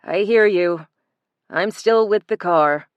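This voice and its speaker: A bored young man, as the audiobook narrator reads him, speaking flat and mellow with no interest in anything. His voice sits close, in a dry recording. He sounds calm and detached. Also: sits high, slow pace, clean tone, no room sound, lo-fi sound. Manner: flat, disinterested.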